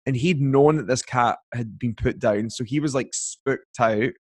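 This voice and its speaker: A man's voice: medium pitch, measured pace. A young man, a guest telling a long personal story in a casual chat, full of fillers and acted-out quotes. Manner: chatty, filler-heavy, acts out quoted voices.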